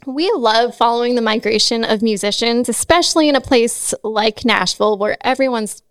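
A woman's voice: on the high side, moderate pace, dry recording, clean studio sound. A woman podcast host from Los Angeles, chatting casually with a guest and laughing often. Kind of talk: casual interview chat.

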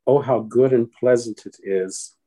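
A man reciting alternate psalm verses in a responsive morning prayer, in a steady, solemn way. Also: medium pitch, measured pace. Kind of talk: liturgical responsive reading.

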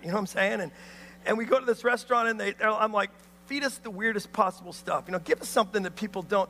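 A man preaching a sermon, an animated storyteller who acts out voices and calls out to the crowd. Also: sits high, fast, big-room sound. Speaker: pastor.

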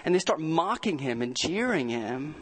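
A man preaching a sermon as a pastor, telling stories earnestly and slowing down to stress key words. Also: on the high side, big pitch swings, fairly bright tone, low-quality recording. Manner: earnest storytelling with slowed emphasis.

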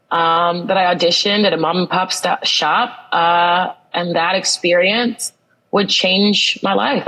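A woman's voice: fairly low pitch, fairly bright tone, breathy edge, poor audio. A woman guest in a podcast interview, telling a personal story with earnest, emphatic repetition. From United States.

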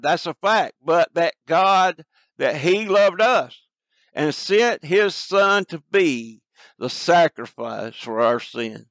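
A man delivers an evangelistic sermon in a slow, deliberate, earnest way, pleading with his listeners. His voice sits a little high. The recording is dry, with no room echo. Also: expressive, a bit bright. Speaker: preacher.

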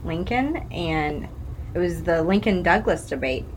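A woman's voice: lowish voice, animated, unhurried, a little hiss or hum, rough recording. A woman from Illinois co-hosting a podcast, chatty and teasing in casual conversation. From Alton, Illinois. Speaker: podcast co-host. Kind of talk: casual chat.

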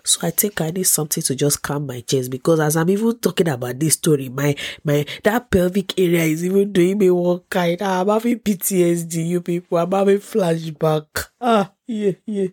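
A woman's voice: lowish voice, normal speed, hardly any pauses, a little mellow, no room sound, clean studio sound. A young Nigerian woman with a cold, telling a dramatic personal story and acting out the people in it with raised voices and laughter. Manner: dramatic, acts out quotes in a raised voice, laughs often. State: congested with a cold. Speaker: vlogger. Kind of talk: animated storytelling.

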